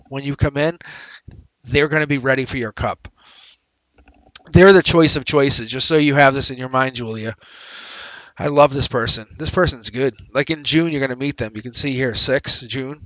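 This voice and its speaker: An upbeat man reads tarot live for his viewers, chatting freely and repeating himself as he lays out cards. His voice sits at an ordinary middle pitch, and the sound is close and dry with no room around it. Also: a bit bright, no room sound, rough recording. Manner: upbeat, chatty, repeats phrases, laughs often. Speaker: tarot reader and livestream host. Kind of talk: casual livestream tarot reading.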